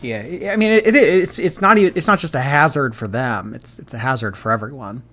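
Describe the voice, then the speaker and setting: A man's voice: medium pitch, lively intonation, fairly quick, fairly bright tone. A man hosting a livestream, reacting with amusement and thanking viewers for their messages. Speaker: streamer host.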